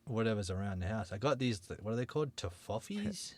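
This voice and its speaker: A laid-back man chatting casually on a podcast, his voice sitting fairly low. He tells stories in a relaxed, jokey way. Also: a little fast. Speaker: podcast co-host. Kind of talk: casual chat.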